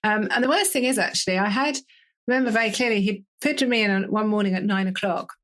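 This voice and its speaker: A British woman in her fifties, a doctor being interviewed, talks fast in a mid-range voice with a British English accent. She's a lively storyteller who laughs often and uses quoted speech in candid conversation.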